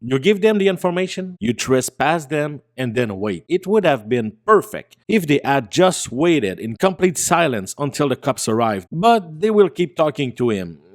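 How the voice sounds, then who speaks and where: A man's voice: a little high, sing-song, moderate pace, few pauses, dry recording, studio quality. A man giving a mocking, sarcastic voice-over commentary on a video clip. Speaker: commentary narrator.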